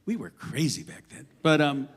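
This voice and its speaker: Impassioned man preaching, lively high voice. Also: moderate pace, husky. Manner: impassioned, emphatic, swinging between loud declarations and quiet asides; conversational storytelling with self-deprecating humor. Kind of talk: sermon. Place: synagogue sanctuary.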